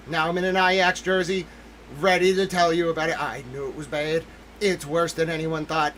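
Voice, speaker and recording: Man, high voice, excitable livestream host, emphatic commentary, faint background noise. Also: normal speed, poor audio. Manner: excitable, emphatic, keeps repeating "listen to me"; talks to chat members directly by name.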